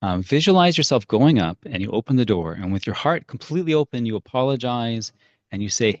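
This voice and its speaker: A man's voice: medium pitch, expressive, fairly quick, dry recording, lo-fi sound. A man leading a parenting workshop, talking casually and telling stories, with fillers and restarts. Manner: conversational, storytelling, frequent fillers and restarts.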